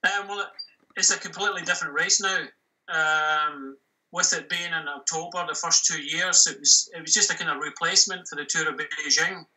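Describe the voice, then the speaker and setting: A middle-aged man with a West of Scotland accent, chatting casually and a little haltingly as a guest pundit. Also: a little high, far from the mic, poor audio. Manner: relaxed, chatty, hesitant with fillers. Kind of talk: casual interview chat.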